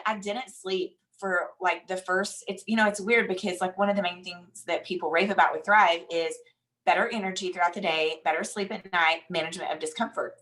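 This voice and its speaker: A woman in her thirties with a Southern drawl, telling an animated, chatty motivational story as a guest speaker. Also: lowish voice, poor audio. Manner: animated, chatty, says "y'all" and "like" often.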